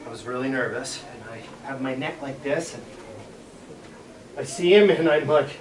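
A man, a school superintendent, telling a story to a class of third graders in a lively way, dropping to a hush for suspense. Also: medium pitch, moderate pace. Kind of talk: animated storytelling to children. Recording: echoey classroom, mic far off, children listening. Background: children listening.

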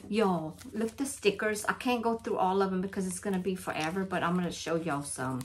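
A woman's voice: fairly low pitch, fairly quick, hardly any pauses, slight background noise. A woman, opening birthday mail in a casual vlog, gushing and repeating herself as she talks to viewers. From Louisiana, USA. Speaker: crafting channel vlogger.

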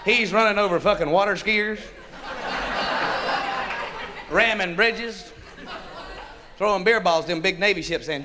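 A stand-up comedian telling a raunchy, profane joke and laughing along with it. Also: male voice, high voice, moderate pace, a loud crowd, heavy background noise. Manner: raunchy, profane, laughing at his own jokes.

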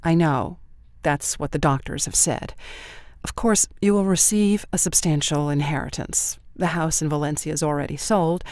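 Male narrator doing a composed immortal goddess, measured, slightly raised pitch, dry close sound. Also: darkish tone, no echo, lightly acted. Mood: calm. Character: ageless goddess posing as a calm mother.

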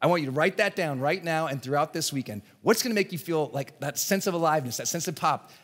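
A man giving an energetic motivational seminar talk to a live audience in a large event hall, often acting out voices in his stories. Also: on the high side, fast. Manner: energetic, animated, acts out dialogue in voices. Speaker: motivational speaker and coach.

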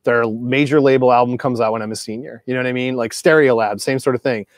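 In a quick, steady, mid-range voice, recorded cleanly in a studio with no room sound, a record collector in his forties rambles about his collection. The monologue is loose and digressive, peppered with swearing and fillers.

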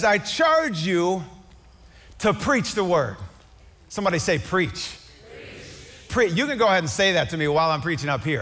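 Impassioned preacher in a reverberant hall. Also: male voice, high voice. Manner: impassioned preaching that swings from loud climaxes to quiet asides. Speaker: pastor. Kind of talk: sermon. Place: large church hall.

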